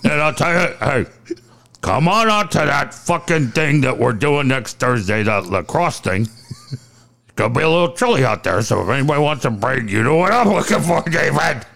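A man doing a gravelly, profane old football boss. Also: medium pitch, sharp tone, heavily acted. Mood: gruff, joking. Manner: belligerent, needling, swearing. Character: gruff, profane older male football executive.

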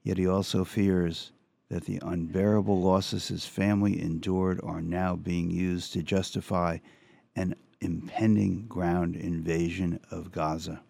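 Gravelly low-voiced male radio host. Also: level tone, mellow, dry recording. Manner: earnest, measured, with halting restarts. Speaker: radio talk show host. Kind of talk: reading an op-ed aloud with commentary. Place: radio studio.

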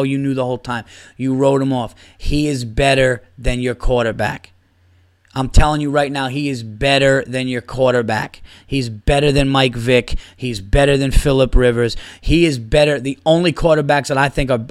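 Profane rambling man, smooth dry voice. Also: medium pitch, no echo. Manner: profane, rambling, laughs through stories. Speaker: podcast host. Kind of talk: casual storytelling monologue.

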